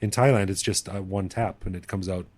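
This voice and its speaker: Canadian-raised podcast host, man, low and relaxed, curious interviewer, dry sound. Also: fairly quick, breathy edge, no echo. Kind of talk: casual interview chat.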